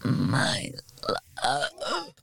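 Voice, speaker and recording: A woman's voice: very slow, a crowd in the background. An actress voicing a seductive, eerie female vampire, crooning in long, wavering words. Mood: luring. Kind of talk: radio drama acting.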